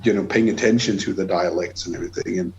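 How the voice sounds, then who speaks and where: Low-pitched and fast, a Swedish man speaks accented English as a guest musician on a relaxed podcast, captured with lo-fi sound. His storytelling is animated, peppered with swearing and frequent restarts.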